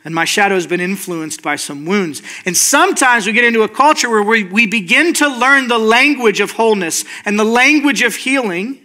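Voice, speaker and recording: A man's voice: high voice, expressive, moderate pace, few pauses, sharp tone. A male pastor giving a casual, earnest sermon, often checking in with his listeners. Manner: informal, earnest, checks in with "right?". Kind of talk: conversational sermon.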